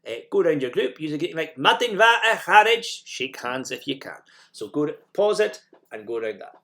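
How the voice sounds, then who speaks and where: A man's voice: medium pitch, sing-song, brisk. A man narrating a recorded language lesson, explaining each step and repeating example phrases for learners to copy. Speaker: teacher.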